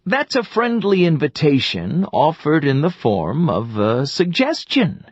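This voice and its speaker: A man's voice: fairly high pitch, wildly swooping pitch, unhurried, breathy edge, no echo, exaggerated voice. A man voicing a friendly cartoon word, lo-fi. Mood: inviting. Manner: cheerful, inviting. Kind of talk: educational cartoon narration.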